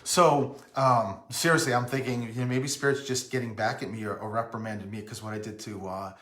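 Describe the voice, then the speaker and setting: A man's voice: mid-range voice, steady tone, fairly quick, fairly bright tone, reverberant. A man from Rhode Island hosting a casual live stream, rambling and breaking off to greet viewers by name.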